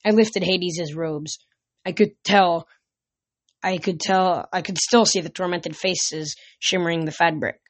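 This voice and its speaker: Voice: mid-range voice, steady tone, measured pace, dry recording. An amateur reader casually reading a novel aloud, often tripping over words and correcting them. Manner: stumbles and corrects words mid-sentence.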